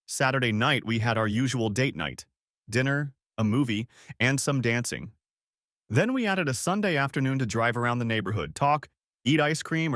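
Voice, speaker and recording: A man reads a first-person story aloud in audiobook style, with a pitch that moves freely up and down. His voice sits in the middle of the range and sounds close and dry, with no room in it. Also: dry recording. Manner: steady storytelling. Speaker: story narrator.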